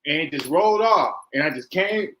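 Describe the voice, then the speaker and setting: A man in casual chat who tells stories in an animated way, acting out quotes and laughing often. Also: on the high side, normal speed. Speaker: co-host.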